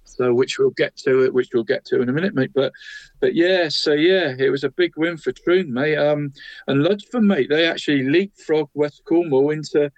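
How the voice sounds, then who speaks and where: Brief man, slightly high voice, chatty results round-up, dry dull lo-fi sound. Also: normal speed, no echo. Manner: chatty, calls his co-host "mate" constantly. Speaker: co-host of a local football podcast.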